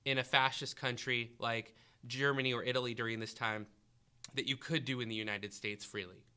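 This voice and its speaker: A man's voice: mid-range voice, steady tone, fairly quick, pushed and bright, clear, resonant tone. A man hosting a history review podcast, asking a student questions and encouraging the answers. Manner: questioning, encouraging, thinking aloud. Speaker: history teacher and podcast host.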